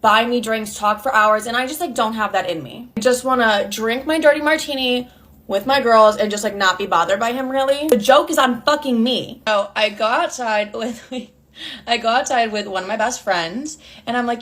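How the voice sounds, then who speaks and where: A woman's voice: a little high, fairly quick, fairly bright tone. A young woman telling a storytime while doing her makeup, chatty and exasperated, full of "I'm like" asides. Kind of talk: casual storytime monologue.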